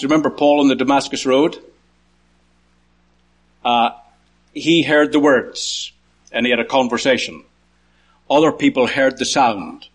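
A male preacher counts through the points of a passage during a sermon. He lifts his voice high to call out quotations, then lowers it for quiet asides.

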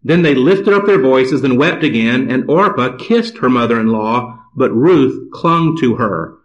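A man preaching a sermon, reading scripture aloud and explaining it in a slow, deliberate manner. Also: medium pitch, animated, lo-fi sound.

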